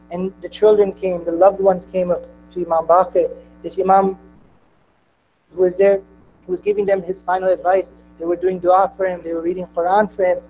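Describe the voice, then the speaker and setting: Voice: mid-range voice, a little mellow, low-quality recording. A speaker at a mourning gathering, telling a sacred story in an impassioned, grieving sermon.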